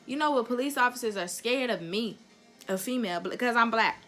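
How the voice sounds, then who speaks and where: A woman's voice: fairly high pitch, fairly quick, a bit bright, faint music behind. A young woman vlogger giving a heated, profane opinion rant straight to camera, blunt and emphatic.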